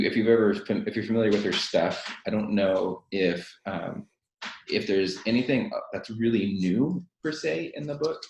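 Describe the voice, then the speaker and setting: A man's voice: sits low, gravelly, darkish tone. A male teacher co-hosting a casual book chat from his office, rambling along with lots of fillers and self-corrections. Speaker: podcast co-host and teacher. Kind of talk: casual chat about books. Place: his office, echoing room. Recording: echoey office room.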